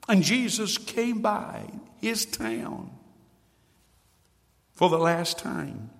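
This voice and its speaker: High, lively male preacher in a church. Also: takes it slowly, vocal fry, in a large hall. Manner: emphatic preaching, swinging from loud to hushed. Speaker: pastor. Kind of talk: sermon. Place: church sanctuary.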